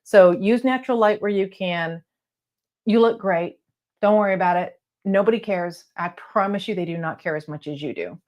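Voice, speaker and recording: A woman's voice: medium pitch, normal speed, a little mellow, lo-fi sound. Blunt, chatty woman coaching on camera. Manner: some letters not crisply pronounced. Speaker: real estate video coach. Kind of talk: casual advice talk to camera. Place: home office lit by lamps.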